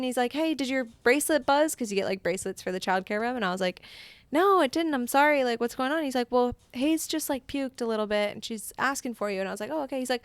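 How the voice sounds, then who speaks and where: A woman's voice: a little high, clean tone, no echo. A woman co-hosting a podcast in casual chat, telling stories about her young daughter and laughing often. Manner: chatty storyteller, laughs often, acts out her daughter's lines. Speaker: podcast co-host.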